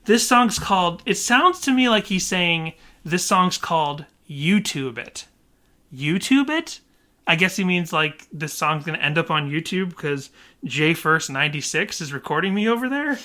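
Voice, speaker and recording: A man co-hosting a casual podcast, animated and puzzled, often laughing as he talks. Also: fairly high pitch, normal speed. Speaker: podcast co-host.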